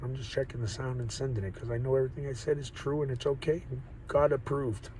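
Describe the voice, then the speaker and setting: A man's voice: mid-range voice, fairly even intonation, fast, a little mellow, a little hiss or hum, rough recording. A man talking into his phone in a rambling, profane, joking monologue that keeps wandering off topic. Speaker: vlogger. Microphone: phone or camera mic.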